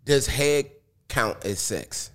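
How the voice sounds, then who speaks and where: A man's voice: medium pitch, expressive, slow pace. A man as a guest on a casual interview show, laid-back, laughing easily and talking in loose slang.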